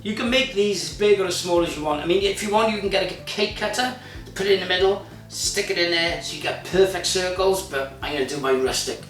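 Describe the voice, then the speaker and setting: Man in his forties, cooking vlog host, bright forceful voice, echoey kitchen, a bit off-mic, music behind. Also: high voice, a little fast, distant mic. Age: 40s. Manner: jokey, chatty, swears freely.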